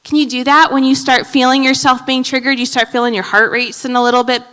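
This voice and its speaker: A woman pastor delivers a sermon in a high, bright voice, swinging between loud, punchy emphasis and hushed asides. Her delivery is flat and fast with a clean tone. A long reverb from the church sanctuary surrounds the sound.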